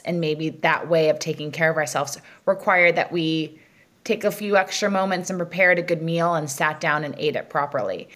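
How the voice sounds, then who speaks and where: A woman hosting a podcast, asking questions and reflecting in a measured, thoughtful way. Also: on the low side, a bit bright. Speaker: podcast host.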